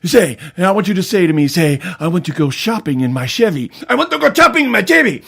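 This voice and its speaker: A man voicing a cocky, cursing male high school student in a joke. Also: very animated, quick pace, gravelly, fairly bright tone, slightly rough, heavily acted. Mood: defiant. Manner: brash, cursing, combative.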